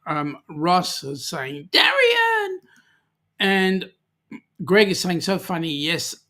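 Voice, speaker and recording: Australian man, livestream host, slow easygoing talk, bright voice, casual chat, frequent ums. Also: fairly high pitch. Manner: chatty, warm, many ums, reads viewer comments aloud. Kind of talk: casual chat reading out live comments.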